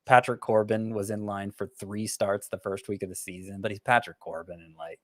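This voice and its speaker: A man's voice: on the low side, fairly even intonation, normal speed, no echo, clean studio sound. A man giving fantasy baseball picks in casual podcast chat, wry and self-mocking, thinking aloud as he goes.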